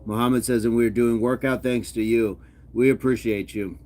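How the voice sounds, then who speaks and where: A man's voice: medium pitch, steady tone, moderate pace, a little mellow. A man hosting a fitness livestream, casually reading viewers' comments aloud and chatting back with an easygoing, laughing manner.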